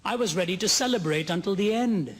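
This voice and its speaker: A man preaching a sermon to a large gathering, telling stories earnestly and slowing down to stress key lines. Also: sits high, animated, a bit bright. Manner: earnest storytelling, slows for emphasis, builds to soaring climax. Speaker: evangelist preacher. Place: large conference hall. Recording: long hall reverb.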